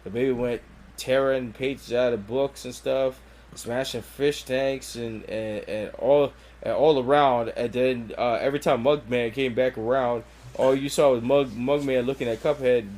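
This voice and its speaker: Retelling cartoon scenes in close detail, this laid-back, foul-mouthed podcast co-host keeps the review chat casual. He speaks at a normal speed in a mid-range, darkish voice with fairly even intonation.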